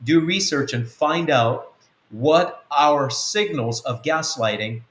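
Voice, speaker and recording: A man's voice: mid-range voice, fairly bright tone. A man, a spiritual coach and mentor, teaching conversationally in a rambling way with many ums, acting out bits of quoted dialogue. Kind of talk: conversational teaching on a web-church show. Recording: roomy echo.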